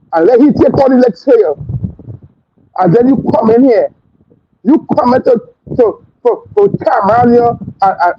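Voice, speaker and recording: A man with a Trinidadian accent hosting a talk show, delivering a fiery, scornful political rant full of repetition. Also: extremely high pitch. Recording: dull lo-fi stream audio with faint hiss.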